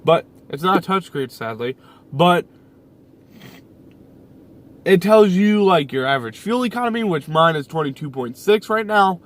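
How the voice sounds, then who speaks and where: A young YouTuber with a somewhat high voice talks to his viewers from his parked car, rambling in a loose, casual vlog style full of fillers and repeated lines. He is expressive at a moderate pace with long pauses, and a camera mounted on the dashboard picks up the sound.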